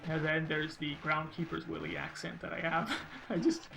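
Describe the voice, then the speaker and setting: Gravelly, bright-voiced male game streamer. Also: on the high side, completely flat delivery, normal speed, slight background noise, rough recording. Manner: rambling and chatty, reads chat aloud. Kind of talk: casual gameplay commentary.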